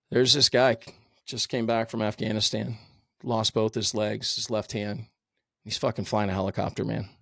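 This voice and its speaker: A middle-aged firefighter captain, appearing as a podcast guest, tells his own story with blunt candor, swearing and leaning on plenty of fillers. His lowish voice carries vocal fry and a slightly bright edge, captured clean in a studio with no room sound.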